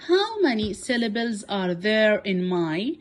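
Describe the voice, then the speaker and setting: A woman whose first language is Arabic, teaching English to young children, speaking deliberately and repeating words for beginners. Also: mid-range voice, big pitch swings, a little hiss or hum.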